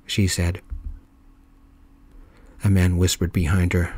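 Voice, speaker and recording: A man telling a story in a calm, soft-spoken ASMR style. His voice is very deep and mellow. The recording is close and dry, with no room sound. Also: no echo. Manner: calm, measured narration.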